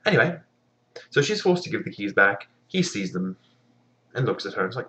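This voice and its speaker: Sarcastic comic storyteller with a lively, swooping delivery and deadpan asides. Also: mid-range voice, brisk, long pauses, lo-fi sound. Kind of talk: comic fairy tale retelling.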